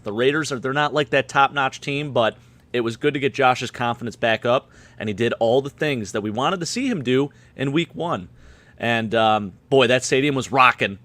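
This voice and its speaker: A man, slightly hoarse and a bit tipsy, rambling excitedly about his game day. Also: medium pitch, no room sound. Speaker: guest fan panelist. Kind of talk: casual chat.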